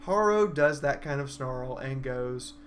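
A young man excitedly recapping a live-action role-play battle in a vlog, a dramatic storyteller whose voice leaps up and down. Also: measured pace, a little hiss or hum. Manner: animated, dramatic storyteller with big swings in pitch and loudness.

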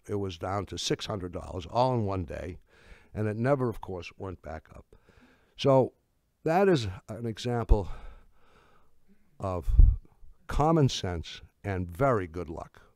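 An older man with a lowish voice tells a story from the stage, halting and restarting as he goes. His humor is dry, and the sound is close and dead, with no room around it. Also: expressive, a little mellow, no echo. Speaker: speaker giving a talk. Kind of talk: anecdotal storytelling talk.

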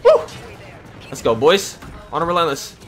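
A young man giving excited, slangy live commentary over his own video game play, talking straight to his viewers with loud outbursts. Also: on the high side, moderate pace. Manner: slangy casual talk to viewers. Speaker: gaming YouTuber. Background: background music.

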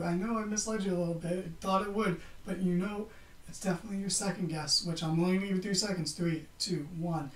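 A man's voice: high voice, fairly even intonation, fairly quick. A man hosting a podcast, giving a casual, sarcastic wrestling recap and swearing freely. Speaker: podcast host. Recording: roomy, distant from the mic.

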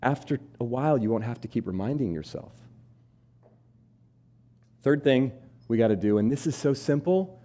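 A man's voice: mid-range voice, moderate pace, long pauses. A man in his forties giving a keynote talk on stage, telling a personal story, asking the audience questions and acting out the voices of the people in it. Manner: animated, acts out quoted voices, asks audience questions. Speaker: keynote speaker. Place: stage before a live audience.

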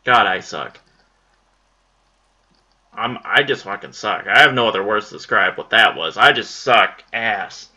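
A man's voice: on the low side, a little slow, pauses often, pushed and bright. A young man giving casual commentary on his own gameplay, frustrated, swearing and muttering at the enemy.

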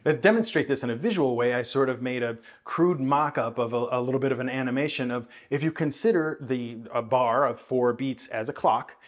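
A man's voice: mid-range voice, a little fast, hardly any pauses. Man counting and scatting rhythms. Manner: counts and scats rhythms aloud while explaining; thoughtful, hedging explanations with frequent "I think". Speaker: jazz bass teacher. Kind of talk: instructional video lesson.

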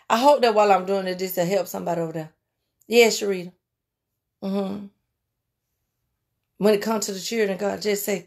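A woman giving an informal sermon in a folksy way, calling her listeners honey and slipping into soft, murmured prayer. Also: on the low side, fairly even intonation, normal speed, long pauses. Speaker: preacher.

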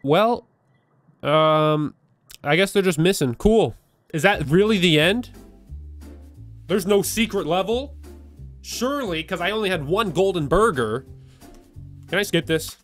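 A man giving live commentary as he plays a horror game. He is jumpy and nervous, repeats words in quick bursts and begs the game's enemies to go away. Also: high-pitched, animated, a bit bright, dry recording, faint music behind. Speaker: gaming video creator. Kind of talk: live let's-play commentary.

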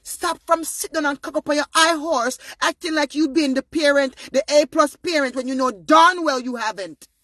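A young adult man with a Jamaican accent talks straight to his viewers in a casual monologue. He is emphatic and often rises close to shouting. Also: extremely high pitch, normal speed, hardly any pauses, no echo. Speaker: vlogger.

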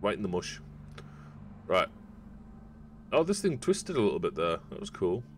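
A man with a low voice streams a video game and chats to viewers in rambling, casual commentary as he plays. His pitch swings hugely at a moderate pace. A little hiss or hum is audible.

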